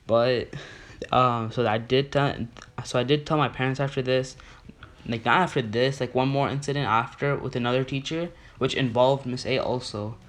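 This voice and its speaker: A young man tells a long school story in a casual vlog. His delivery rambles, full of filler words and restarts, at an average pitch for a man. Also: fairly bright tone. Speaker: student telling a school story.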